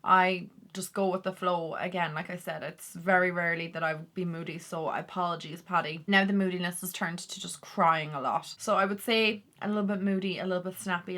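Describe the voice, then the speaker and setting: A woman's voice: fairly low pitch, bright, forceful tone. A woman chatting candidly to camera as a vlogger, full of "like" fillers. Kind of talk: casual talk to camera.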